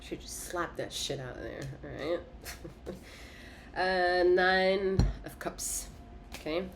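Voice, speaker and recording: A woman's voice: fairly low pitch, unhurried, fairly bright tone, a little hiss or hum. A woman giving a casual tarot reading in an emphatic, repetitive way, swearing and laughing often. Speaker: tarot reader.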